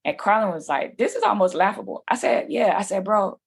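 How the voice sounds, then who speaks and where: A woman's voice: mid-range voice, expressive, brisk, creaky, husky. A woman telling her story as a guest on a podcast. She talks casually and with animation, uses slang and acts out what people said.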